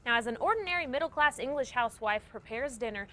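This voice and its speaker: A woman's voice: fairly high pitch, expressive, fast talker, pushed and bright. A woman hosting a TV interview segment, upbeat and chiming in with frequent acknowledgments. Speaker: TV host.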